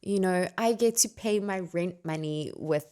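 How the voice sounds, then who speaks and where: A woman's voice: fairly low pitch, moderate pace. Young woman telling stories with laughs. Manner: laughing, animated storytelling. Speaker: actress, podcast guest. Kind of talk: casual chat.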